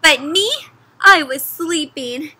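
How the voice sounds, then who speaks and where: A woman voicing a big male bear who grumbles about missing the fun, in a slow, emphatic complaining tone. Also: high voice, bright, forceful tone, heavily acted. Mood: sulky complaint.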